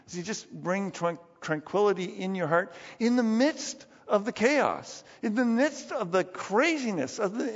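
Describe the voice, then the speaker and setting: A man preaching a conversational sermon as pastor, telling stories with chuckles and restarts. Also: sits high. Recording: long reverb, dull lo-fi sound.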